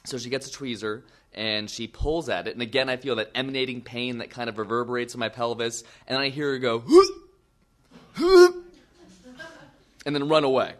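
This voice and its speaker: Young man, storyteller, middle pitch, self-deprecating, animated, comic asides. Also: fast talker, few pauses.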